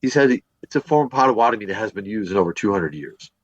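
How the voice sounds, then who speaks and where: A man's voice: lowish voice, lively intonation, fast talker, dry recording. Man, from Northwest Indiana, rambling storyteller, dry close sound, slightly dull lo-fi recording. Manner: rambling, with many fillers and restarts. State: a bit worn from a day of teaching. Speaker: paranormal investigator and teacher guest. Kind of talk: storytelling in a podcast interview.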